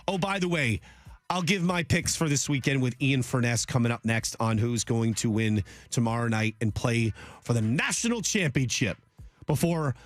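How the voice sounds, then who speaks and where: A man hosting a sports radio talk show, rambling and joking in a loose, animated way. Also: mid-range voice, no echo. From Polish heritage.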